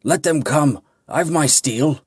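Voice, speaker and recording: A man's voice: fairly high pitch, slow pace, husky, no room sound, clean studio sound, pitched above the performer's own voice, exaggerated voice. Man doing a sour, swaggering aging swordsman. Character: boastful aging swordsman guard.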